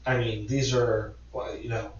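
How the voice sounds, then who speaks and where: A man's voice: mid-range voice, little pitch movement, a little slow, far from the mic. A man in his thirties co-hosting a podcast, casually telling a long rambling story and swearing freely. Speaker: podcast co-host. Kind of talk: casual chat. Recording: echoey, dull lo-fi room sound, off mic.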